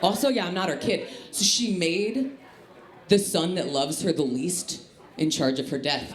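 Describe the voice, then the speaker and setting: A woman from the Chicago area doing a stand-up comedy set on a club stage, with a punchy, lively delivery. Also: on the low side, measured pace. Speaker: stand-up comic. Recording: live club with echo and crowd laughter. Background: laughing audience.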